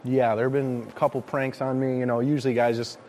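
A man's voice: medium pitch, flat delivery, fast, a little mellow. Brief: young male athlete, easygoing storyteller, outdoor noise faint. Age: young adult. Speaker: rookie football player. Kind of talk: casual anecdote.

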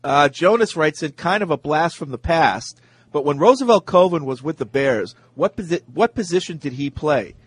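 A man hosts a sports radio show and reads listener emails aloud in a relaxed, jokey way. He drops in short agreeing replies. His voice sits a little higher than most men's and sounds close and dry. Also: normal speed, slightly rough, no room sound. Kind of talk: casual sports talk, reading listener emails.

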